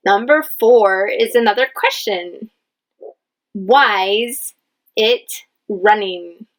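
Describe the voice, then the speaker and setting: A woman English teacher leading a dictation lesson, speaking patiently and spelling out each word clearly. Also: mid-range voice, rough recording. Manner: patient, enunciates each word, stresses key words. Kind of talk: slow, clear classroom dictation.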